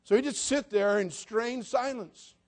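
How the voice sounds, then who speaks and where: A man's voice: very high voice, a little slow. A man in his sixties from the United States, preaching a sermon in a folksy, humorous storytelling way. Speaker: pastor.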